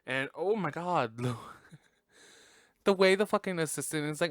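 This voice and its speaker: Man, podcast host, sassy movie reaction, swears a lot, laughs often, smooth voice, dry close sound. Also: fairly high pitch, lively intonation, normal speed, a bit bright, dry recording. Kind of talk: casual movie reaction commentary.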